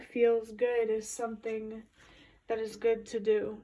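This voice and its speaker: A tarot reader gives a casual spoken reading, musing through intuitive, meandering commentary. Her voice is a little high, mellow and monotone, and she speaks slowly, sounding a bit distant from the mic.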